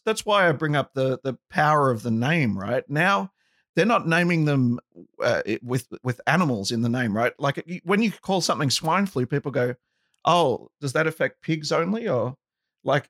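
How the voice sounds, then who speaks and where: A man's voice: medium pitch, sing-song, moderate pace, fairly bright tone, no room sound, studio quality. A man hosting a casual podcast conversation, rambling and often checking in with "right?". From outside the US. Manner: rambling, with frequent "right?" asides.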